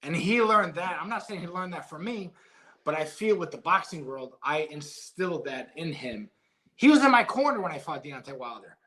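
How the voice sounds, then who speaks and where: Man, middle-aged, fairly high voice, bright and forceful tone, animated casual storytelling, swears. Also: moderate pace. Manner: emotional, animated storytelling with profanity. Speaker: guest, former heavyweight boxer.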